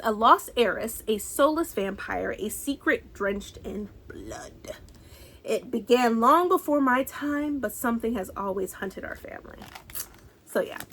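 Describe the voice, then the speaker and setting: A woman in her thirties chatting excitedly through a book haul, gushing and sometimes dropping to a whisper. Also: fairly high pitch, slight background noise. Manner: bubbly, excitable, gushing, slips into soft whispers. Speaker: book vlogger. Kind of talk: casual book haul chat.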